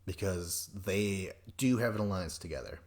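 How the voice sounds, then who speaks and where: A man hosting a podcast, recapping a reality show in a rambling, profane way and acting out quoted people in quick voices. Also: sits low, a little mellow. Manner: rambling and profane, jumps between notes. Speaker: podcast host.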